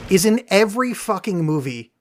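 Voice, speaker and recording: Brief: man, podcast co-host, sarcastic rambler, fairly high voice. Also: very animated, moderate pace. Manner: rambling, sarcastic, restarts a lot. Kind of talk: casual chat.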